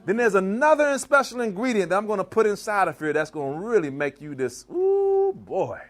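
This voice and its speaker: A man from Maryland giving an animated live cooking demonstration in a church hall, teasing and quizzing his audience. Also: high-pitched, moderate pace. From Maryland, US East Coast. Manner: animated, teasing, asks the crowd questions. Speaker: chef giving a cooking demo.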